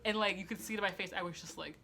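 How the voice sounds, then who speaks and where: A young woman chats through a storytime video. Her voice has a bright, forward edge. She talks with lots of filler "like" and swears freely. She often mocks herself as she goes. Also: mid-range voice, fairly even intonation, rapid-fire, vocal fry. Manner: chatty and profane, heavy use of "like"; self-mocking, laughing at herself. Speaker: vlogger. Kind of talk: casual storytime.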